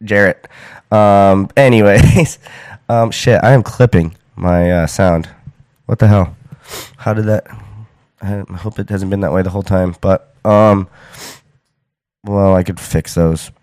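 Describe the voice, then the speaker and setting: Low smooth rambling American man. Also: steady tone, takes it slowly, long pauses, a little mellow, no echo, clean studio sound. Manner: loose and rambling, many fillers and restarts. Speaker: podcast host. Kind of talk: casual rambling monologue.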